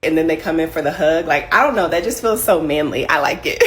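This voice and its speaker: A woman's voice: sits low, animated, a little fast, a little hiss or hum. A young woman from the American South, a comedian talking casually to camera, playful and laughing often.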